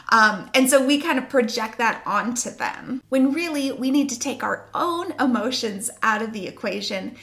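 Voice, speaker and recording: Brief: woman coach, slightly high voice with vocal fry, reassuring instructional delivery. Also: animated, moderate pace, few pauses, fairly bright tone. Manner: reassuring, explains step by step. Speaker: sleep coach. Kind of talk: instructional talk to camera.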